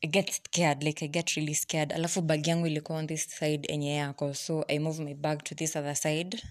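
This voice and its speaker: A young Kenyan woman telling a personal story in a lively, exasperated way, switching between English and Swahili slang. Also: deep voice, fairly quick.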